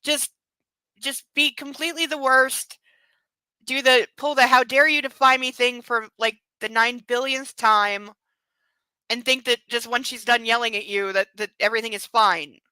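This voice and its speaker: A woman with a bright, forceful voice reads a novel aloud and keeps stopping to mock it in exasperated, cussing asides. Her voice sits a bit high and sounds close and dry. No room sound comes through. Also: fairly even intonation, measured pace, smooth, no room sound, low-quality recording. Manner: exasperated, mocking, swears freely. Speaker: book club host. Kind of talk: reading aloud with sarcastic commentary.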